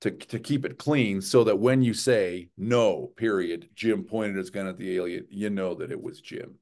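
Presenting a writing workshop, this man lectures conversationally and keeps checking in with the room, tossing in "right?" and "okay?". His voice is low and gravelly, his pace moderate, and his manner animated.

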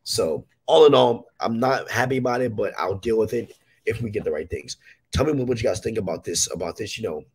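A man hosting a casual commentary show, sick and having lost his voice, speaking in a forced deep voice and rambling through his opinions. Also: lively intonation, a little fast, slightly rough, poor audio. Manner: rambling, opinionated, self-correcting. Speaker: host.

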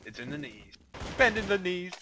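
A man's voice: sits high, normal speed, background noise. Jittery young man swearing on voice chat. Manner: excitable, jittery, swears often. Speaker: gamer. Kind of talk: casual voice chat while gaming. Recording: loud gunfire over voice chat. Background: game gunfire.

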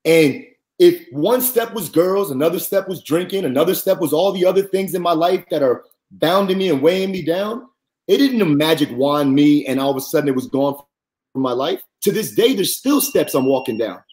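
Male guest, higher voice, earnest faith testimony, lively and heartfelt. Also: moderate pace. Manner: earnest, animated, rises high when quoting. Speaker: podcast guest. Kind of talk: faith-centered personal testimony.

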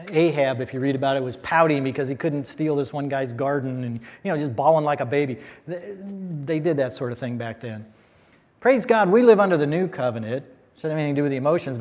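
An American man from a church, teaching a Bible lesson in a conversational, emphatic way with wry asides. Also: medium pitch. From United States. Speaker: pastor. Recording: long reverb of a hall.

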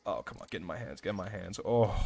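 A young man giving casual, excitable gameplay commentary, swearing often and talking to himself as he plays. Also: deep voice, creaky, slight background noise. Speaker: let's play gamer.

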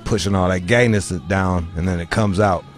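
A man's voice: low-pitched, moderate pace, soft background music. A man from Michigan hosting a podcast, telling stories in rambling, profane casual banter. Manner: rambling, profane, restarts a lot. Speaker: podcast host.

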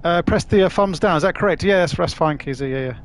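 A man's voice: fairly high pitch, fast talker. Chatty man streaming a game. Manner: chatty, laughs often, swears casually. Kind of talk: casual live-stream chat while playing.

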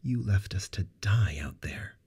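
A man's voice: low-pitched, animated, normal speed, dark tone, husky. A man voicing a blunt young woman survivor, speaking coldly. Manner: cold, blunt.

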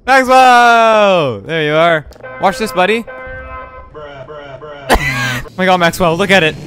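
A man doing let's play commentary, giggly and excitable, swearing often and cooing at a pet. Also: high-pitched, slow, soft background music. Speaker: gaming YouTuber.

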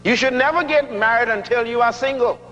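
A man's voice: extremely high pitch, bright, forceful tone, slight background noise. Middle-aged guy preaching, emphatic, teasing the crowd, big church hall with long echo. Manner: emphatic, repeats key lines slowly for effect; humorous, teasing the audience. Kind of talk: sermon. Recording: dull lo-fi recording with long hall reverb.

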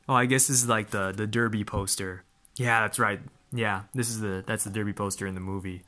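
A man hosting an unboxing vlog, excitable and gushing, full of exclamations. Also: fairly low pitch, fairly quick, faint music behind. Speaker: channel host.

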